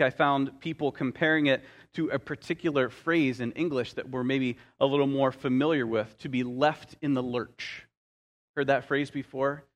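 A male pastor preaching a sermon, telling stories with light humorous asides and slowing down to stress key phrases. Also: medium pitch.

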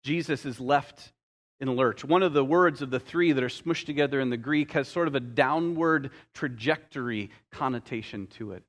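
Speaking at a medium pitch, this pastor tells stories through his sermon and drops in gentle bits of humor. Key phrases get emphasis as he deliberately slows his delivery.

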